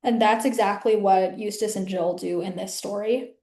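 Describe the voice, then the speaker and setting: A woman's voice: mid-range voice, fairly even intonation, moderate pace, dark tone. Chatty woman host, echoey room. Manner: chatty, many fillers and restarts. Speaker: video host. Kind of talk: casual rambling talk to camera.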